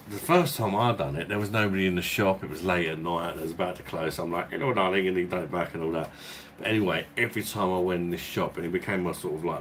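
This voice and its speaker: A man's voice: low-pitched, vocal fry, fairly bright tone, slight background noise. A man, hosting a beer review channel, rambling through a casual story with swearing and chuckles. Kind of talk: casual storytelling chat and viewer Q&A.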